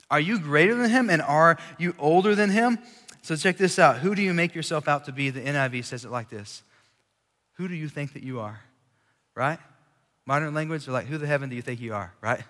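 Speaking to a live crowd in a large room, a preacher with a slightly high, pushed and bright voice delivers a relaxed, conversational sermon full of jokes. A large hall's long reverb surrounds him.

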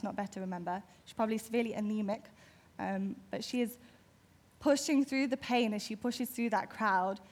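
Brief: female preacher, imaginative narration, a touch high-pitched. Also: a little mellow. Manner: storytelling, vivid and imaginative. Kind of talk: sermon.

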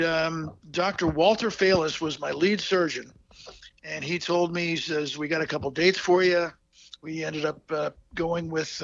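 Man, interview guest, gravelly, higher-pitched, halting, sincere storyteller; muffled lo-fi audio. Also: fairly bright tone, no room sound. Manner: halting, heartfelt, many fillers and restarts. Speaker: guest telling his story.

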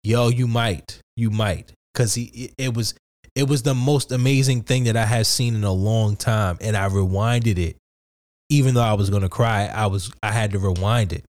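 Low-voiced man telling a story, dry sound. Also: fairly even intonation, normal speed, a little mellow, no echo. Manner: loose, profane storytelling with many restarts. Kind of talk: casual chat.

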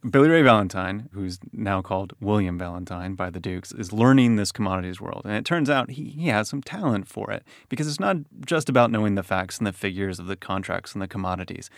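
A man hosting a podcast, talking in a measured, curious way. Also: fairly low pitch, animated, dry recording, studio quality. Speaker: podcast host. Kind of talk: casual chat.

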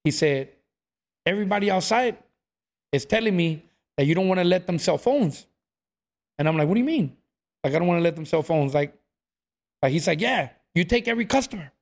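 A man's voice: high voice, fairly quick, long pauses. A man telling stories in a casual chat, acting out what people said. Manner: animated storyteller, acts out quotes, says "bro" a lot.

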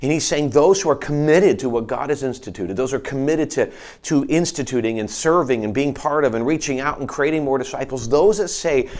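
A male pastor delivering a sermon in an earnest, emphatic voice of middle pitch. He presses his points with conviction, sometimes restarting a phrase mid-thought. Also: brisk, a little mellow.

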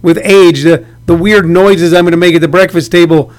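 High-voiced man in his sixties, rambling. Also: steady tone, normal speed. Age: 60s. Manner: rambling anecdotes told in a storyteller's way. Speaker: stand-up comedian. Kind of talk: casual interview chat.

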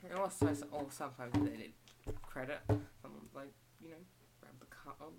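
A young Australian woman rambles on about her retail job in a relaxed, chatty way, now and then slipping into the voices of customers and coworkers. Her voice sits low and has a gravelly fry. Steady hiss runs under the home recording. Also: normal speed. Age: young adult. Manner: rambling, chatty, acts out shop exchanges. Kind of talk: casual rant vlog.

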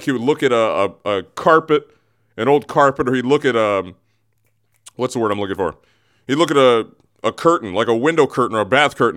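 A man with a mid-range, fairly bright voice hosts a radio sports show from the studio. His talk is loose and digressive, and he often cuts himself off mid-thought.

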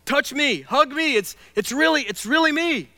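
A man voicing a gentle, playful grown man who calms his startled friends. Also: extremely high pitch, normal speed, no echo, pitched above the performer's own voice, exaggerated voice. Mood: reassuring. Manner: relaxed, playful, reassuring.

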